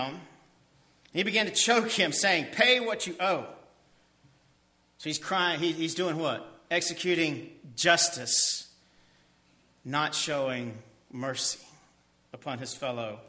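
A man preaches an expository sermon in a bright, forward voice that sits a little higher than most men's. He reads verses aloud, puts questions to his listeners and answers them himself, and drops to a hushed tone on his key points. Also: measured pace. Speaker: pastor.

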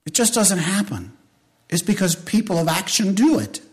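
Male preacher, high voice, impassioned sermon, loud appeals then hushed storytelling, folksy asides. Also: big pitch swings, moderate pace. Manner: impassioned, swings from rising shouts to hushed storytelling.

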